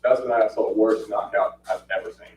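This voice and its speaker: A man's voice: fairly low pitch, fast, slight background noise. A man telling fight stories in casual chat, acting out quotes and laughing often. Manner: animated storyteller, acts out quotes, laughs often. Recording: roomy, distant, muffled podcast audio.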